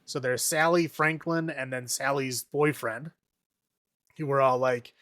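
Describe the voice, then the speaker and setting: A man's voice: medium pitch, fairly even intonation, a little slow, a bit bright, dry recording, studio quality. A man casually recapping a horror movie on a podcast, rambling, laughing often and acting out the characters' lines. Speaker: podcast co-host.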